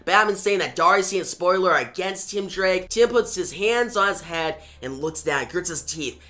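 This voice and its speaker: A man casually retelling a comic story, excitable and eager. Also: sits high, moderate pace. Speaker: comic reviewer.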